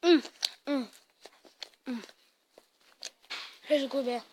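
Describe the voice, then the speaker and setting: A woman giving casual gameplay commentary in an excitable way, blurting out mild swears as she plays. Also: sits high, slow pace, noisy background. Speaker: gaming channel host. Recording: loud game music over the voice.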